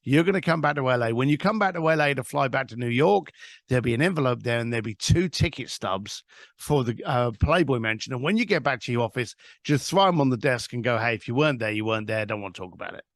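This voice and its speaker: A man's voice: mid-range voice, expressive, fast, no room sound, clean studio sound. A man, a guest telling an anecdote in an interview. He acts out both sides of a phone call. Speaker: guest, author. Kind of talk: storytelling interview.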